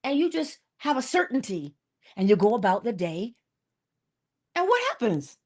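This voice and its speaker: A woman's voice: fairly high pitch, very animated, normal speed, darkish tone. A woman hosting an inspirational morning talk, casual and emphatic, repeating key phrases and laughing between points. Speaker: host.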